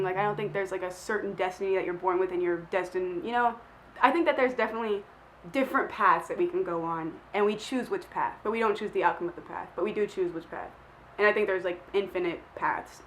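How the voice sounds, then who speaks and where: A woman's voice: medium pitch, slight background noise, low-quality recording. A young woman who is feeling sick, chatting casually to camera as she answers questions in a rambling, self-deprecating way full of filler words. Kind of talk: casual chat.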